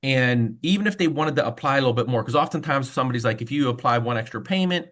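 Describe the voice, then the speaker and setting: A man presenting mortgage tools on a webinar, talking casually and telling stories as he goes. He speaks at a middle pitch, and the sound comes through a video call. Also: expressive, quick pace, a bit bright. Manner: casual storytelling, conversational fillers. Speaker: mortgage loan officer.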